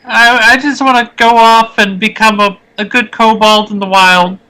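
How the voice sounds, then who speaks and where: A man voicing a frightened young male kobold who speaks in a timid, halting way. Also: high-pitched, little pitch movement, sharp tone, smooth, rough recording. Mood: pleading.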